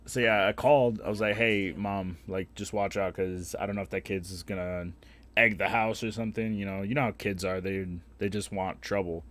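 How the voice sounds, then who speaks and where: A young man streaming a game, telling a story in a blunt, heavily profane, animated way. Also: on the low side, normal speed. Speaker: live streamer. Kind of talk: casual storytelling while gaming.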